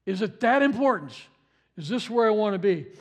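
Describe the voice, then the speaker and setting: A man's voice: high voice, big pitch swings, fairly quick. A man preaching a sermon, stressing and repeating key phrases for effect. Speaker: pastor.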